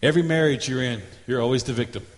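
A man's voice: mid-range voice, fast, long reverb tail. A male pastor delivering a sermon in a repetitive preaching cadence, breaking into humorous role-play.

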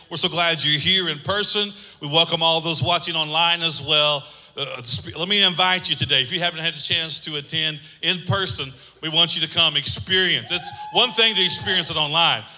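Male pastor, preaching, high bright voice, long church-hall reverb. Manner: energetic, calls for audience responses. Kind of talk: sermon.

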